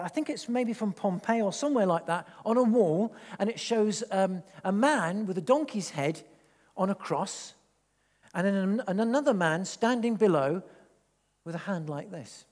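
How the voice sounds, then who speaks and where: A man from England, preaching a sermon in a church, animated and rambling with frequent restarts. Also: sits high, long reverb tail. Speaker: pastor. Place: church hall.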